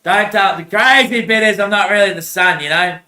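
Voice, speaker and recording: High bright rambling man. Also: moderate pace, reverberant. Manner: rambling, repetitive, laughs often, swears, says "mate". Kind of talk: rambling monologue.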